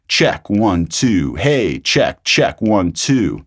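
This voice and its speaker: This YouTube host reviews microphones casually from his home studio, saying test phrases over and over as he checks levels on a studio condenser microphone. He sounds husky and very animated, with a fairly low pitch and drawn-out words. There's no room sound at all.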